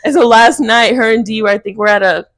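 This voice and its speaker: A woman's voice: fairly high pitch, quick pace, fairly bright tone. A young woman co-hosting a podcast, telling a story in casual chat and laughing often as she talks. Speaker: podcast co-host.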